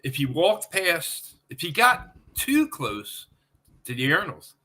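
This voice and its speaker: A man hosting a podcast, asking questions and telling his own story in a relaxed, conversational way. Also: on the high side, slow pace, husky. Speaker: podcast host. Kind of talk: casual podcast chat.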